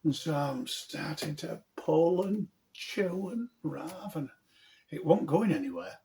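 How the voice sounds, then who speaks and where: Animated man spinning a yarn. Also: on the high side, slow pace, creaky. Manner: animated, colourful, earthy and self-mocking. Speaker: author telling his own story. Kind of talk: humorous personal storytelling.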